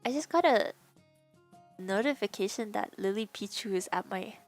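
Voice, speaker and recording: A young woman with a lisp and some vocal fry from a sore throat, chatting casually to her stream, rambling with lots of fillers and sudden laughing squeals. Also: medium pitch, lively intonation, moderate pace, faint music behind. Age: young adult. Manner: rambling, many fillers and restarts. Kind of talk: casual chat to a live stream.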